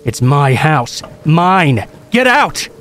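A man shouting as a raging homeless squatter. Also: fairly high pitch, big pitch swings, drawn-out words, soft background music, exaggerated voice. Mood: furious shouting. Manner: shouting, possessive. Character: enraged, hostile homeless man.

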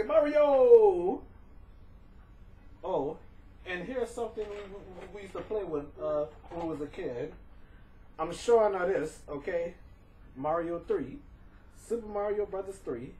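A man's voice: high-pitched, measured pace, a little mellow. A man talks casually at home for a home video, chatty and coaxing, often stammering and repeating words. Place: indoors at home. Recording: voice distant from the camera mic, faint room noise.

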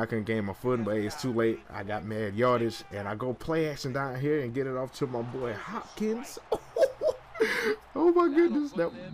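A man giving casual play-by-play commentary over his own video game, hyped and full of slang, his voice jumping up into sudden high yelps. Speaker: gaming YouTuber.

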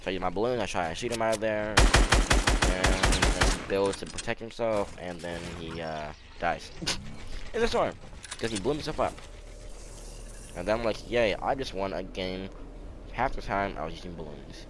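A man giving casual commentary over his own gameplay footage, excitable and yelling at teammates during fights. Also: low-pitched, moderate pace, long pauses, noisy background. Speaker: gaming video creator.

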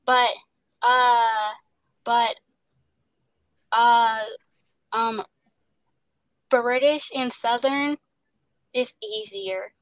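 A woman's voice: a little high, steady tone, extremely slow, long pauses, no room sound, poor audio. A young woman who stutters heavily, with many fillers and repeated words, talking about acting as a guest. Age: young adult. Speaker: guest, actor. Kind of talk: casual interview.

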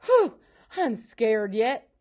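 Woman reading as a breathless, rattled pioneer dad, high and loud. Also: big pitch swings, extremely slow, heavily acted. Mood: excited. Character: frontier father, brave but shaken man.

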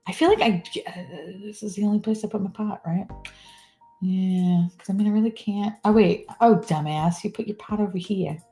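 A woman's voice: mid-range voice, moderate pace, mellow, faint music behind. A woman, chatting casually and profanely on a live stream, often laughing as she talks.

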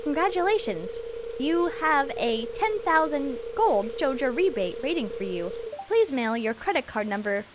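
A woman reading out a robotic scam phone message in a flat announcing way. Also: high-pitched, normal speed, background noise. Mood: scammy.

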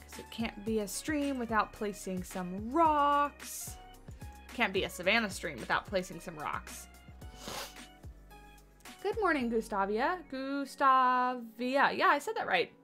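A tired woman streaming a building game from her home setup, talking in a bright, airy voice. She chats freely and thinks out loud, greeting her viewers by name while she works. Soft music plays underneath. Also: mid-range voice, sing-song, normal speed. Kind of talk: casual livestream chat while building. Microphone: desk mic on boom arm.

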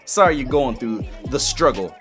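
A young man doing a playful roast while reacting to a music video, with sudden squeaky high outbursts. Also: lively intonation, moderate pace. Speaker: comedy reaction youtuber. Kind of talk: joking reaction commentary.

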